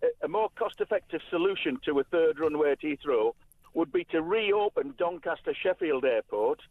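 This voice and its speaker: A man's voice: a little high, animated, moderate pace, dry recording. An older man with a Geordie accent, calling in to a radio phone-in and earnestly making his point, often repeating words as he goes. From North East England. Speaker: caller. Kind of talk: phone-in call. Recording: tinny phone line.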